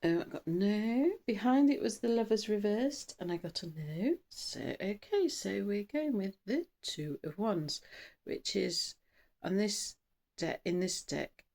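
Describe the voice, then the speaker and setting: A woman's voice: medium pitch, sing-song, a little slow, darkish tone. Chatty, rambling woman tarot reader. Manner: chatty and rambling, trails off and restarts; buzzy from coffee, bursts of speed. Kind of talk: casual tarot reading.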